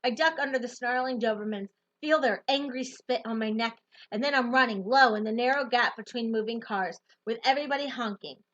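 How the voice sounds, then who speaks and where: A woman reading a novel aloud in the first person, with expressive, lively storytelling. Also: fairly high pitch, fairly quick, lo-fi sound. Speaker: audiobook narrator.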